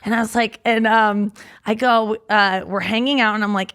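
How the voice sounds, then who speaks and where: A woman's voice: mid-range voice, steady tone, moderate pace, a bit bright, smooth. A woman comedian chatting as a guest on a studio podcast, telling a story with lots of fillers and laughs. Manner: rambling, filler-heavy storytelling with frequent laughs. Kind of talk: casual podcast chat.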